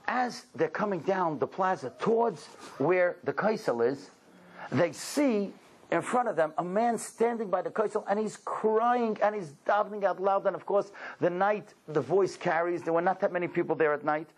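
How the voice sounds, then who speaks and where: A man delivers a religious talk to a congregation, telling stories with animated exclamations. His voice sits high for a man. He keeps asking his listeners rhetorical questions. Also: rough recording. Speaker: religious speaker.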